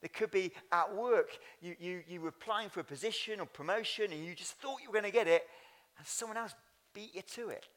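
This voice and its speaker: A man's voice: high-pitched, a little fast, fairly bright tone. Chatty male church leader preaching. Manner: chatty, addresses congregation directly. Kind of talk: sermon. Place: church Sunday service.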